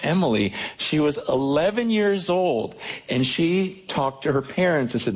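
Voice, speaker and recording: A man's voice: on the high side, sing-song, moderate pace, breathy edge, rough recording. A man, a pastor, telling a personal story in a sermon, earnest and confessional.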